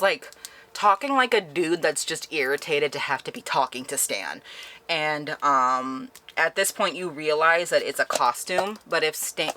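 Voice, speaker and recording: Low-voiced woman retelling a book, chatty. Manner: chatty and animated, laughs often while retelling. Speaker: book reviewer. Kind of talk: casual spoken book review.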